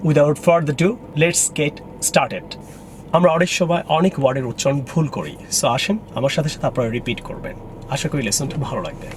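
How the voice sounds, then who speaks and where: A young Bangladeshi-accented man with a slightly high voice teaches English pronunciation, repeating each word slowly and drawing out its syllables. Faint traffic and passing vehicles can be heard behind him. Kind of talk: video lesson, mixing Bengali and English.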